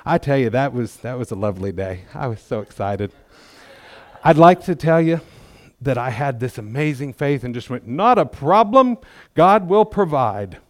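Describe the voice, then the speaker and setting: A man's voice: mid-range voice, moderate pace, a little mellow, no echo. A middle-aged man giving a testimony in church, talking in a folksy, conversational way with self-deprecating humor. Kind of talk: sermon testimony.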